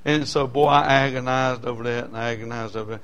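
A man's voice: mid-range voice, fairly even intonation, quick pace, fairly bright tone, clean tone. A male preacher with a drawl delivers a sermon full of homespun testimony. His voice sits in an ordinary middle register, and he talks in a folksy, storytelling way. He climbs to emotional peaks as the stories build.

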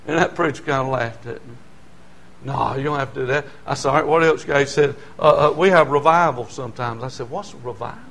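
A middle-aged man, preaching a folksy testimony sermon that swings from quiet asides to shouting. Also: on the high side, a little fast.

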